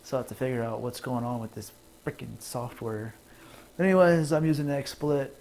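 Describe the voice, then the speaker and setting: A man's voice: moderate pace, a little mellow, poor audio. A man telling rambling jokes to his stream camera from a home setup, laughing at his own punchlines. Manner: rambling, laughs at own jokes, puts on squeaky voices for callers. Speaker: comedian streamer. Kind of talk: casual stand-up rambling to camera.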